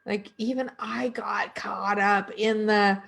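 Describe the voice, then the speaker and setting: A woman's voice: mid-range voice, fairly even intonation, gravelly, fairly bright tone. A middle-aged woman energy worker talking casually and reflectively, asking her listeners questions. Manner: reflective, slow, conversational with rhetorical questions. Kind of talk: casual spiritual talk.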